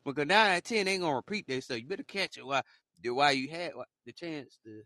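A man's voice: on the high side, lively intonation, fast talker, bright, forceful tone, no room sound, studio quality. A man giving a preachy motivational monologue on a podcast, repeating his points in loose slangy talk. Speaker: podcast host.

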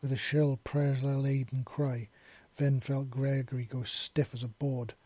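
A man narrating a romance story in a quiet, intimate reading. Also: medium pitch, little pitch movement, a little slow, no room sound.

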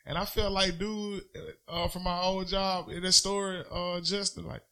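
A man co-hosting a casual podcast, telling a story in a loose, profane and animated way. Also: high voice, measured pace, clean tone. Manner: profane, animated storytelling, loud when riled. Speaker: podcast co-host.

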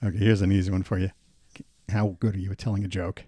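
A man hosting a casual podcast chat, relaxed and quick to laugh as he quizzes his guest. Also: sits low, husky, no room sound.

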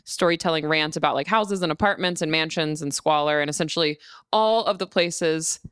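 A woman's voice: low voice, fairly quick, fairly bright tone, clear, resonant tone, no room sound, clean studio sound. Laughing, teasing woman podcast host. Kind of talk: casual comedic chat.

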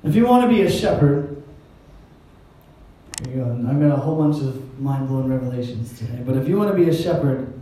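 A man's voice: medium pitch, expressive, brisk, mellow. A man preaching a sermon as pastor, in a conversational style with wry, self-deprecating asides. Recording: echoey hall, mic at a distance.

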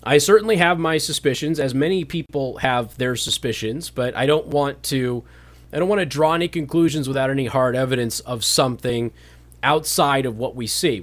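A man hosting a talk radio show from a studio, speaking emphatically and repeating words for stress. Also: medium pitch.

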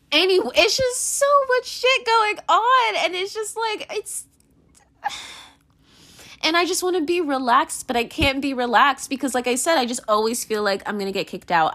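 A young woman in a candid monologue, rambling with many fillers and restarts, swearing and venting with emotion. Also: pushed and bright. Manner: emotional, pitch swinging widely.

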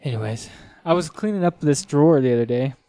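A man's voice: medium pitch, fast, mellow. A man hosting a podcast, talking in laid-back casual chat full of swearing. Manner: laid-back, profane banter. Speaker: podcast host.

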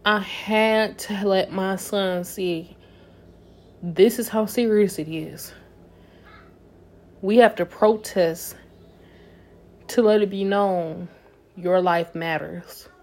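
Young adult woman, casual monologue to camera; emphatic, shifts from quiet reflection to loud conviction. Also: lowish voice. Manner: emphatic, swings from soft musing to loud passionate outbursts.

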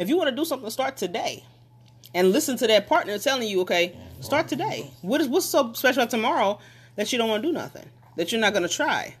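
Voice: mid-range voice, fairly bright tone. A speaker giving a casual motivational monologue about relationships, talking emphatically with lots of repetition and building to passionate pushes.

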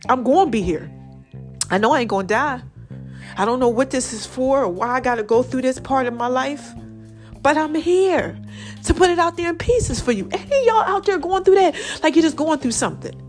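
A woman's voice: high voice, animated, brisk, soft background music. A woman hosting her own podcast, chatting casually and calling her listeners y'all and baby. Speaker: podcast host. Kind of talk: casual solo podcast talk.

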